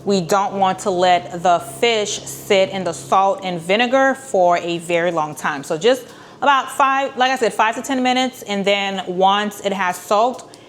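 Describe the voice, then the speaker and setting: A woman's voice: mid-range voice, unhurried, a little hiss or hum. A woman hosting a casual cooking tutorial, chatty and rambling, with many ums and restarts and a few dry, sarcastic asides. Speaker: cooking channel host.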